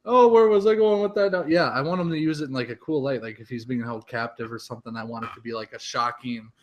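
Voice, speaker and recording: A man co-hosting a relaxed podcast, his voice in the middle range. He often stops to search for a word and restarts his sentences, then picks up with animated bursts. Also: medium pitch, fast talker. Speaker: podcast co-host. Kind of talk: casual chat.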